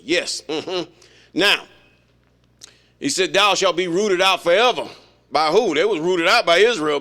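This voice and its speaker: A man's voice: fairly high pitch, vocal fry, bright, forceful tone. A man leading an informal Bible study, reading verses aloud and then commenting on them in a folksy, emphatic way. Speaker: Bible teacher.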